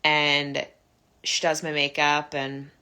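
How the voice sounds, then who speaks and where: Brief: young woman, low pitch, bright forward tone, earnest personal vlog confession with halting restarts. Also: completely flat delivery, smooth. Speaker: vlogger sharing her recovery story. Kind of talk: personal reflective monologue.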